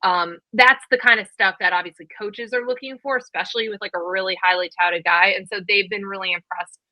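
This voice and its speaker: A woman in her thirties co-hosting a college football podcast, talking fast and casually with lots of fillers. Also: mid-range voice, fairly even intonation, sharp tone, no echo, low-quality recording. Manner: quick, chatty, many fillers. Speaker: podcast co-host. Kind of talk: casual sports chat.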